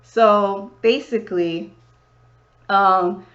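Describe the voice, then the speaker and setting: A woman's voice: medium pitch, very slow, a little hiss or hum. A young woman chatting casually on a vlog, telling a travel story and acting out what people said to her. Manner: animated, acts out other people's lines in quotes. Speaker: vlog host. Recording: dull lo-fi sound.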